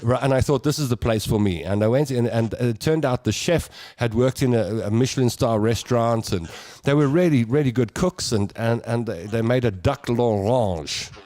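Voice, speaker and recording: A man's voice: medium pitch, normal speed, warm tone. A man hosting a casual chat show, telling stories animatedly and laughing often. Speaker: host.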